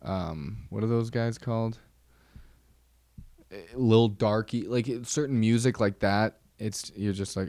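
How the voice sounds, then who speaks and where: A young man hosts a casual solo podcast, rambling along with self-deprecating jokes and lots of ums. His voice is fairly low with a dark, steady tone, and he speaks slowly. The recording is dry.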